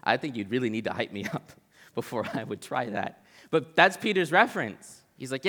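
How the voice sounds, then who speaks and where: A man giving a casual, joking Bible talk, acting out the people in the story in quick voices. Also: mid-range voice, very animated, a bit bright, big-room sound.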